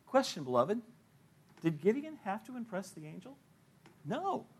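A man's voice: high-pitched, big pitch swings, unhurried, husky. A middle-aged male pastor preaching a sermon, telling stories and acting out the people he quotes, often laughing at his own points.

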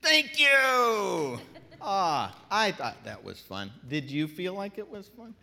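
A man teaching a group, animated, singing out drawn vowels to show how the pitch moves. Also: normal speed, gravelly. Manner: animated, demonstrates tones by singing out long vowels. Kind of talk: classroom lesson. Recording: long hall reverb.

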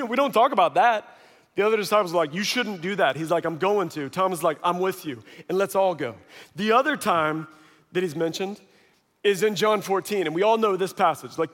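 A man preaching a sermon, retelling scripture as lively storytelling and acting out the quoted voices. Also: high voice. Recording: long hall reverb.

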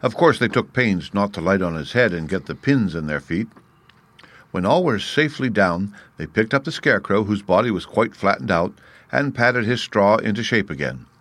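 Low-voiced man reading a storybook. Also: expressive, moderate pace, fairly bright tone, dry recording. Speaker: audiobook narrator. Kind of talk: storybook narration.

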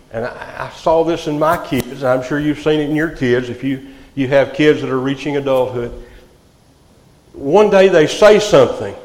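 A man preaching a sermon, swinging from loud outbursts to hushed, quiet lines. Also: a little high. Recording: echoey hall, reverb.

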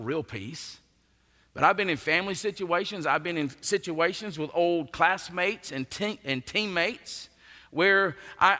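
Man, pastor, sermon, earnest and emphatic, unhurried, bright tone, long hall reverb. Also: fairly high pitch. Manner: earnest, emphatic preaching with dramatic rises and drops.

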